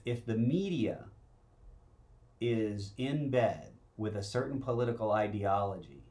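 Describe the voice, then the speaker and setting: Lower-voiced man in casual talk. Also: darkish tone. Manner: conversational, laughs often. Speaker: co-host. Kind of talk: casual talk-show conversation.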